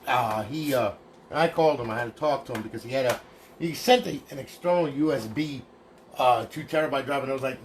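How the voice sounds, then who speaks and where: A man's voice: a little high, a little fast, slight background noise. A man casually walking through modded game consoles on a livestream, chatty and folksy, thanking each buyer by name.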